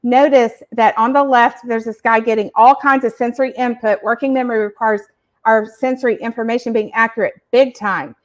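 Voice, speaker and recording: A woman podcast host explaining ideas to parents in an animated, emphatic teaching style. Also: a little high, fairly quick. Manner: animated, emphatic, uses acted examples. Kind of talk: educational explaining.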